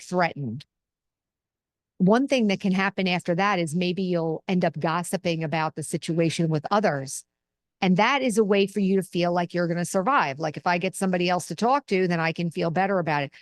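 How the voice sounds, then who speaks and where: A middle-aged woman hosting a casual spiritual talk, teaching in an earnest, conversational way and drawing on personal examples. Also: mid-range voice.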